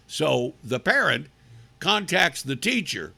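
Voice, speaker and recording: Indignant talk host with a raspy edge. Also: male voice, high-pitched, very animated, unhurried, bright, forceful tone. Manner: sarcastic, indignant, emphatic. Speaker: radio talk show host. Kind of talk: opinionated talk radio commentary.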